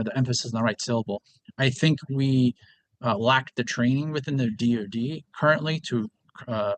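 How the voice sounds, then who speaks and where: An American man answering questions on a conference panel in a measured, explanatory way. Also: mid-range voice, no room sound. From United States. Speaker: panelist presenting research.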